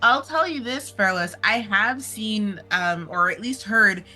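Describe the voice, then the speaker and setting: Bright-voiced woman, rambling player. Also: mid-range voice, a little slow, soft background music. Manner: rambling, with many fillers. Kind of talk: in-character tabletop play.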